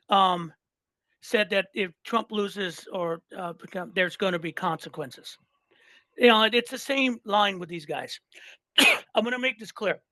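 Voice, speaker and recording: A man guesting on a podcast, talking in loose, animated chat and cursing freely. He retells comedy bits and repeats himself to drive points home. His voice is recorded dry, with no room sound. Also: sits high, no room sound. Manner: emphatic, repeats himself for stress.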